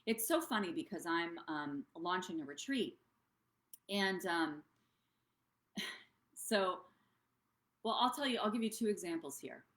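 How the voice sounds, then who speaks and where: A woman's voice: on the low side, animated, a little slow, pauses often, a bit bright, reverberant. A woman coaching other business owners on a live stream, talking in a bubbly, rambling way that drifts off track. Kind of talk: casual live-stream talk.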